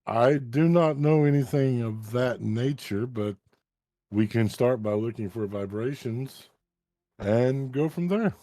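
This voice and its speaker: A man voicing a gentle, soft-spoken male librarian in blue robes, speaking in a calm, courteous, formal way. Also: mid-range voice, slow, no room sound, clean studio sound.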